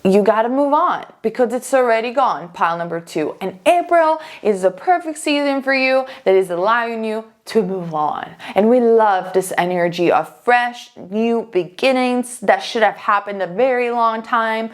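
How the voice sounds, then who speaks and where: A woman's voice: fairly high pitch, animated, moderate pace, hardly any pauses. A woman giving a casual pick-a-card tarot reading as a psychic, chatty and emphatic, with fillers and restarts.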